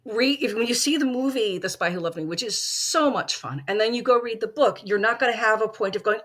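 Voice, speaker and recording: A woman making her case as prosecutor in a mock film trial, talking animatedly in quick bursts with restarts. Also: medium pitch, a bit bright. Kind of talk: casual podcast debate.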